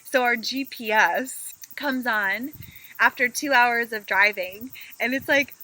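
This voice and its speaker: A woman co-hosting a podcast from a camper van, telling stories in a lively way and acting out her own complaints. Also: a little high, takes it slowly, slight background noise, poor audio. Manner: animated storytelling, acts out her own complaints. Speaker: podcast co-host. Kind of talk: casual chat.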